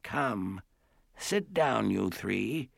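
A man voicing a very old, frail woman who speaks in a stately, curt way, slowly and softly. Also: fairly low pitch, lively intonation, gravelly, no echo, clean studio sound, heavily acted. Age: over 60. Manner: curt, stately, softened and slow.

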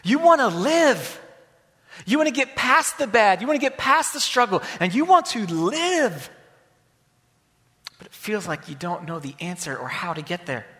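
High-voiced male preacher in a reverberant hall. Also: sing-song, normal speed. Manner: dynamic, swings from loud emphasis to hushed near-whispers. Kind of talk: sermon.

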